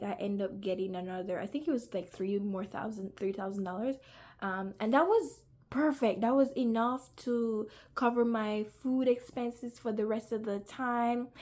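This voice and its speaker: With a mid-range, somewhat mellow voice, a young woman recounts her personal faith testimony in a casual video. She talks earnestly and at length, full of fillers, her emotion rising until she's near tears.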